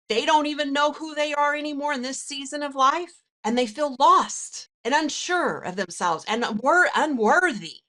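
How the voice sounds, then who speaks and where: Lively, earnest woman self-help host. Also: on the high side. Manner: earnest, direct, addresses listener. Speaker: podcast host and counselor. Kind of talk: motivational self-help talk.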